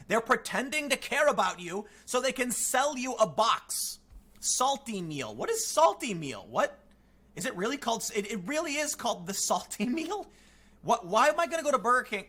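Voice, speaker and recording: A young man ranting casually as a streamer, animated and sarcastic. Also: high voice. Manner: animated and sarcastic, with frequent mocking quotes.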